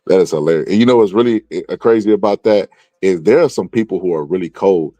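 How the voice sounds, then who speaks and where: Low-voiced man rambling through a story. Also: quick pace, no echo. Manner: animated rambling storyteller, many restarts. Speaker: host. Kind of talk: casual podcast chat.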